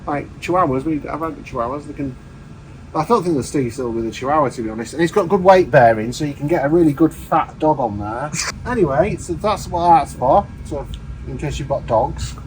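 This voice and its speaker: A man's voice: a little high, lively intonation, fairly quick, darkish tone. Jokey man, noisy outdoors. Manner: jokey, rambling, laughs often. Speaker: car reviewer. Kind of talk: casual car review.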